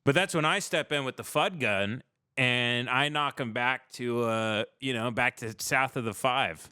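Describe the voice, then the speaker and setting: A man with a bright, crisp voice trades deadpan, absurd jokes in relaxed podcast banter. He sounds close to the mic in a dry space. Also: mid-range voice, measured pace, dry recording. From California. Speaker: podcast host. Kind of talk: casual comedic podcast banter.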